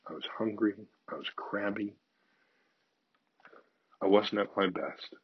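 A man's voice: low voice, slightly rough, no room sound. An older man giving a frank, confessional monologue, swearing casually and sometimes dropping to a near-whisper. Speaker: speaker sharing personal views. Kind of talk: candid personal monologue. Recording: dull lo-fi, dry sound.

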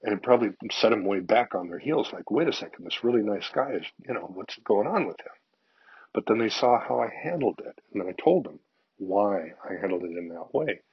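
Low husky older man, frank monologue. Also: dry recording. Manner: frank and confessional, swears casually, drops to near-whisper in stories. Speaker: speaker sharing personal views. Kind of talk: candid personal monologue. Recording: dull lo-fi, dry sound.

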